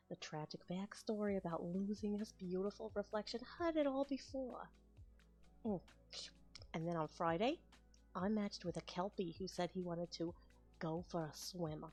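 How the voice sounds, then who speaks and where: A woman's voice: on the low side, a little mellow, slightly rough. A woman voicing a gossipy, world-weary female rep at a monster dating agency, in a put-on posh British accent with dry, knowing asides.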